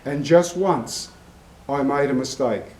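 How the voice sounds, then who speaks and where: A man putting on a deliberately bad French accent to voice a terse, gruff male lion tamer. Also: mid-range voice, a little mellow, natural voice. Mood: grim. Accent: put-on French. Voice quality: exaggerated accent, clipped. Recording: roomy, from far off the mic.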